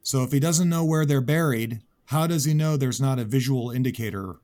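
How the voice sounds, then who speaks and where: A man's voice: mid-range voice, a little fast, darkish tone. Man probing a point on a podcast. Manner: probing, reasoning aloud. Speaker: podcast co-host. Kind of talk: casual podcast discussion.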